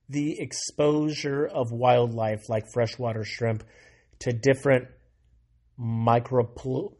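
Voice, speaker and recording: An American man hosting a sarcastic solo monologue, reading out a news item and breaking off into mocking asides that swing from loud to muttered. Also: medium pitch. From United States. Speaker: solo commentary host.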